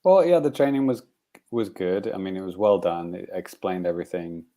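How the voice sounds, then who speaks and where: A man's voice: sits low, moderate pace, mellow. A man co-hosting a podcast, chatting casually in a rambling way with frequent chuckles and fillers. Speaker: podcast co-host. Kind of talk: casual chat.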